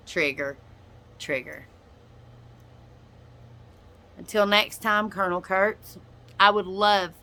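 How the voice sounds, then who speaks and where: A woman's voice: fairly low pitch, sharp tone. A woman ranting straight at another person in a blunt, profane, confrontational reaction video. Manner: addresses another person directly. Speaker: YouTuber and podcaster. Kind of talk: angry reaction rant.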